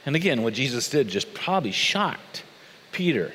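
A man preaching a sermon, animated and acting out the people he quotes. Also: moderate pace, a little hiss or hum. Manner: animated, acts out quoted voices with big pitch swings. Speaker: pastor. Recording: long hall reverb.

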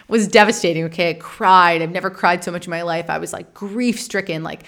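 A woman in her thirties hosting a podcast, telling a personal story in a frank, animated way, swearing casually and laughing often. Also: on the low side, moderate pace. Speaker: podcast host and meditation teacher.

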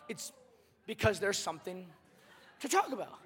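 Male pastor preaching, joking, animated, very high bright voice, big hall reverb. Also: normal speed, husky. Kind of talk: sermon.

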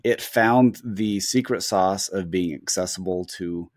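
A man with a lowish voice co-hosts a relaxed podcast, weighing his points slowly and breaking off mid-phrase. He sits close to a dry mic with no room echo. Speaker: podcast co-host. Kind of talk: casual chat.

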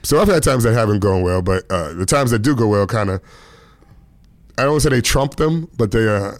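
A man's voice: fairly low pitch, animated, a little fast, no echo. A comedian in his thirties or forties from the Washington, D.C. area, telling stories in a loose, laid-back way with frequent chuckles. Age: 30s to 40s. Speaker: stand-up comedian guest. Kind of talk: casual interview storytelling.

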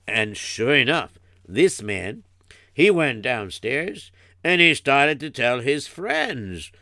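A man's voice: mid-range voice, very animated, slow pace, bright, forceful tone, no room sound, studio quality. A man narrating a story in a loose, conversational way.

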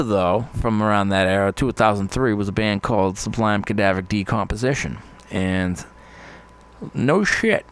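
A man's voice: mid-range voice, vocal fry, a bit bright. A man hosting a podcast, rambling casually in a monologue, swearing constantly and laughing often. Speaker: podcast host.

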